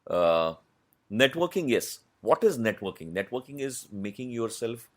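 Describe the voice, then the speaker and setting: A man explains his craft in an interview, unhurried and thoughtful, stopping often to find his words. His voice sits at an ordinary middle pitch. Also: big pitch swings. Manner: measured, explanatory, many pauses and fillers. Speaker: voice artist guest. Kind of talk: interview answers.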